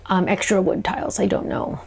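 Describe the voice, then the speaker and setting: A woman's voice: mid-range voice, fairly even intonation, moderate pace, vocal fry, a crowd in the background. A woman hosting a live craft show, answering viewer questions in a chatty, bubbly way and laughing often. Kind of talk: live stream Q&A chat.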